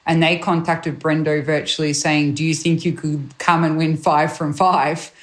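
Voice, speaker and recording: A woman guest, a rally co-driver, telling stories in a chatty, animated way, acting out the voices of people she quotes and laughing often. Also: low-pitched. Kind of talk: animated anecdotal storytelling.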